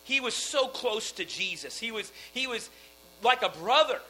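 A man's voice: very high voice, expressive, normal speed, sharp tone, a little hiss or hum, poor audio. A man preaching a sermon earnestly, often restarting his sentences. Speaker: pastor.

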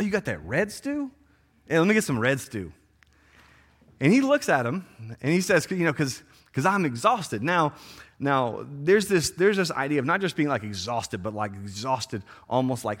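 A man's voice: on the high side, fairly bright tone. A man preaching a sermon in a casual, slangy way, acting out the people in the story with playful voices. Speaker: pastor.

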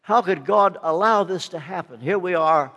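A man's voice: high voice, normal speed, fairly bright tone. An older man preaching a sermon, telling a personal story in an earnest, emphatic way. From United States. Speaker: guest preacher. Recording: long hall reverb.

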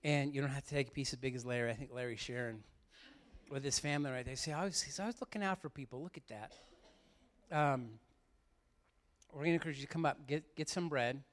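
Speaking fast in a mid-range voice, a middle-aged pastor preaches a sincere, heartfelt sermon. He addresses his congregation directly from the church sanctuary.

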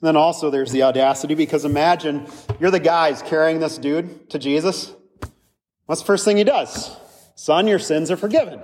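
A man's voice: on the high side, normal speed, darkish tone, long reverb tail. A man, a pastor, preaching a conversational sermon full of rhetorical questions.

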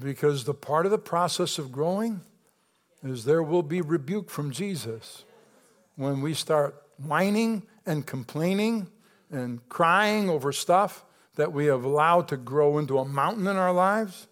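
A high-pitched male pastor delivering a sermon in church. He drops to soft, slow emphasis, then builds to rising, emphatic calls, checking in with the congregation as he goes. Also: animated. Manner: preaching with call-outs to the congregation.

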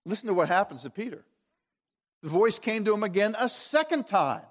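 A man's voice: high voice, moderate pace. A man preaching a sermon, retelling a story and asking his listeners questions. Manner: storytelling, animated, asks the audience questions.

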